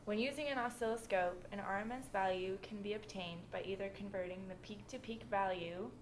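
A woman's voice: mid-range voice, brisk, a little hiss or hum, rough recording. A young woman narrating a student-made electronics lesson, reading from a script. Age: young adult. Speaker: student presenter.

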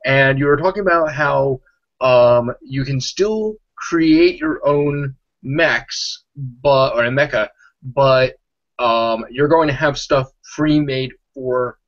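A man's voice: medium pitch, takes it slowly. A man hosting a live gaming stream, chatty and rambling, laughing often. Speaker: show host. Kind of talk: casual live-stream interview. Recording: slightly dull lo-fi audio.

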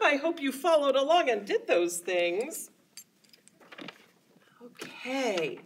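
A woman's voice: mid-range voice, a little hiss or hum. A woman children's librarian leading storytime, with sing-song rhymes and coaxing questions to young children. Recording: voice a little distant from the mic.

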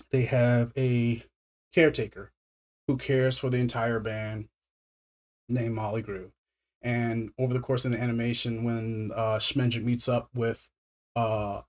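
A man's voice: mid-range voice, a little mellow. Stammering man recapping a film casually. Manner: stammering repetitions with many fillers. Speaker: film reviewer.

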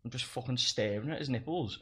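A young man spins stories in easy, casual chat. He swears freely and laughs as he goes, in a mid-pitched voice. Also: a little fast, pushed and bright, husky. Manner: swears a lot, laughs through his stories. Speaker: guest comedian.

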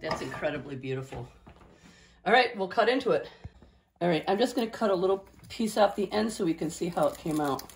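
A woman's voice: mid-range voice, fast, background noise. A woman hosting a home cooking video, chatty and talking viewers through each step directly. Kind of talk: casual cooking demonstration. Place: home kitchen.

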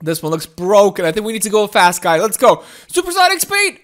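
A woman commentating her own gameplay, excitable and giggly, often talking to viewers. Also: medium pitch, brisk. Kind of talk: playful game commentary.

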